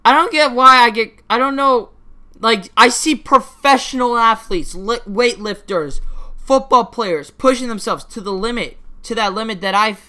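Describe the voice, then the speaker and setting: Teen boy, solo podcast host, bright voice, rambling casual chatter with restarts and offhand swearing. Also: very high-pitched, normal speed. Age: teens.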